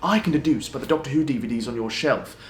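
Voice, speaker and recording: A man doing a smug, pompous young detective who lectures everyone with condescending, theatrical deductions. His voice sits at a middling pitch. It sounds like a comedy sketch recorded in an echoey room. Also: fast talker, lightly acted. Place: indoors in a flat.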